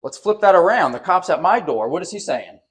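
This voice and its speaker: Animated preaching man, slightly high voice. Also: fairly quick, very noisy. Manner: animated preaching, acting out quotes with raised voice; repeats words and restarts. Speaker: pastor. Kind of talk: sermon.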